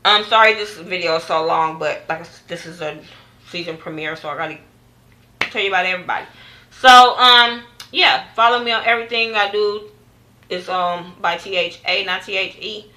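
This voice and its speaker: A young woman with a bright, forceful voice recaps a reality TV episode to camera in a casual vlog. She talks in an animated, profane way and jumps into quick impressions of what others said. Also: lowish voice, slight background noise, poor audio. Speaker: TV show reviewer.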